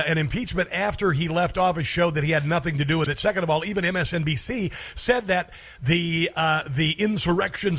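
A man's voice: sits high, fairly bright tone. A man hosting a political talk show, speaking in a sarcastic, scornful way and cutting in on played clips. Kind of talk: combative commentary over clips.

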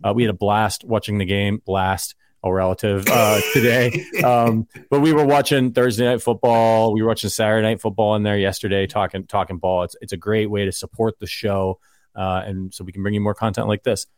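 A man's voice: lowish voice, level tone, brisk, no room sound, studio quality. A man hosting a casual sports podcast, talking in a rambling, conversational way and arguing his points. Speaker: podcast host.

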